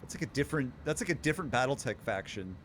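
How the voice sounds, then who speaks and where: A man co-hosting a gaming stream with playful, teasing banter. His voice swings widely in pitch as he jokes. A faint hum of room ambience sits behind him. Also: lively intonation, rapid-fire, fairly bright tone. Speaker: co-host of a game stream. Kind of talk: casual chat over gameplay.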